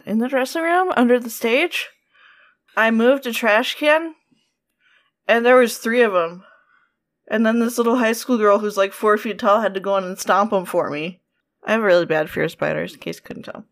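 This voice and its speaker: A young woman hosting a podcast in a chatty, animated way, trading ghost stories and reading a friend's account aloud. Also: fairly high pitch, normal speed. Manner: chatty and animated, laughs easily. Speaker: podcast host.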